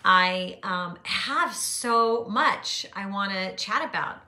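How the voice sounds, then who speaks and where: Woman, middle-aged, bubbly live-stream host, bright voice, talks into phone, roomy echo. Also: medium pitch, takes it slowly. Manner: bubbly and chatty, greets viewers by name, laughs often. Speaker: art teacher hosting a live studio chat. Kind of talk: casual live-stream chat. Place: home art studio, indoors. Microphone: phone camera. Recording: echoey room.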